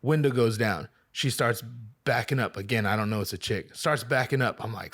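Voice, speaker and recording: A man's voice: mid-range voice, moderate pace. A man in casual podcast chat, telling a story with lots of energy and swinging into other people's voices. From part Filipino, part Chinese. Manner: animated storyteller, acts out voices. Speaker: podcast co-host.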